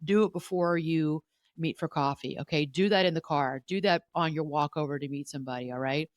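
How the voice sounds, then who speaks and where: A woman's voice: low voice, brisk, no room sound, clean studio sound. Earnest woman therapist coaching listeners. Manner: earnest, coaching, repeats herself. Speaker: podcast host, family therapist. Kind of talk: advice podcast talk.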